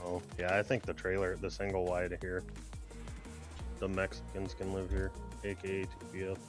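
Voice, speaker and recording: A man trading crude, teasing jokes while playing a game with friends. His voice sits fairly low. Faint music hangs in the background. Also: monotone, normal speed. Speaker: co-player. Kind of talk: casual game chat.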